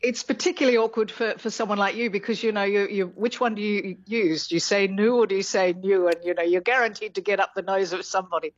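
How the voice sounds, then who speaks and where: Brief: woman, language expert guest on talk radio, chatty and explanatory, medium pitch, dry close sound, slightly dull line. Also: fairly even intonation, fast talker, no echo. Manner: chatty, explanatory, laughs easily.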